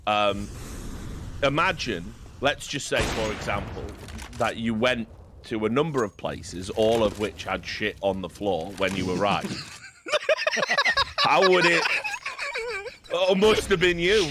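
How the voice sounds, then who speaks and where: A man's voice: mid-range voice, heavy background noise. A man commentating an esports match, ranting with a laugh in casual banter. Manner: ranting, animated, laughs at his own jokes. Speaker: esports caster.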